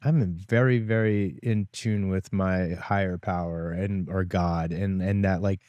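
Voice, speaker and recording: Rambling man, low voice. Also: fairly even intonation, unhurried, darkish tone, no room sound, dull audio. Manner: rambling, with repeated "like" fillers. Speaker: wellness company co-founder. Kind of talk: casual conversation.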